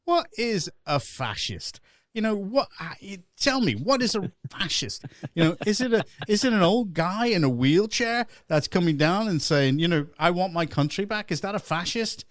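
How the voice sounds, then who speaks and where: A man hosting a satirical talk show, ranting with heavy sarcasm and frequent laughter. His pitch sits a little high and swings about a lot. The recording is dry and close. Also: big pitch swings, normal speed, no echo. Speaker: pub landlord host. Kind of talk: casual satirical chat. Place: online show.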